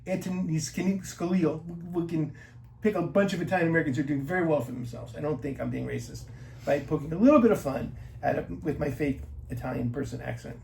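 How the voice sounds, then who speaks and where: A man co-hosting a casual podcast, cracking jokes and arguing his points in quick asides. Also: on the high side, creaky, a little mellow, slight background noise, rough recording. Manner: wisecracking, argues his point in numbered asides. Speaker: podcast co-host. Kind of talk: casual joking banter.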